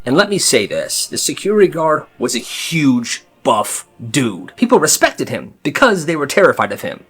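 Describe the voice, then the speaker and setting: A man's voice: medium pitch, moderate pace, few pauses, breathy edge. A man telling funny school stories in a comedic storytime style, slipping into voices for the people in them. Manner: animated storyteller jumping into character voices. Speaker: storytime creator.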